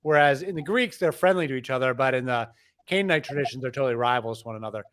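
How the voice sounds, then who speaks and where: A middle-aged man, an author, explaining things in a lively, discursive way with frequent restarts. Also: mid-range voice, quick pace. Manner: animated storyteller, frequent restarts. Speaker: author, interview guest. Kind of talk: conversational explaining.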